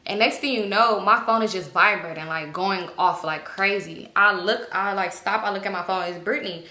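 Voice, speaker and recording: A young woman vlogger telling a storytime tale in an animated, chatty way, laughing often. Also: mid-range voice, moderate pace, echoey room. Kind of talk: storytime vlog.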